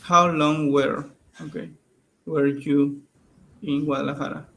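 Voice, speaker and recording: A man's voice: fairly high pitch, level tone, a little slow, pushed and bright, a little hiss or hum. A man practicing English on a video call, hesitant, searching for words and asking for corrections. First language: Spanish. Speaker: English student. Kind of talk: conversation practice lesson.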